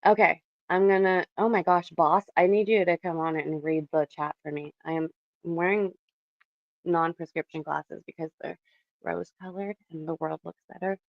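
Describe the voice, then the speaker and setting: A chatty young woman from Canada talks to her stream chat from her bedroom, animated and quick to laugh. Her voice sits fairly low. The sound is dry and a bit dull and lo-fi. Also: creaky, no room sound. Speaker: livestreamer. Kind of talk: casual livestream chat. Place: home bedroom.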